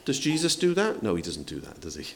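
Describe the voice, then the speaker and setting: Lively male preacher. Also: sits low, quick pace, slight background noise. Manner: conversational preaching with rhetorical questions and acted-out quotes. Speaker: pastor. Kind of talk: sermon.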